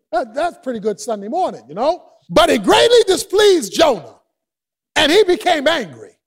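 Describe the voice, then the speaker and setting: High, animated preacher swinging loud to soft. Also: male voice. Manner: lively, humorous, with sudden shouts and drops to near a murmur; casual vernacular grammar. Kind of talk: sermon.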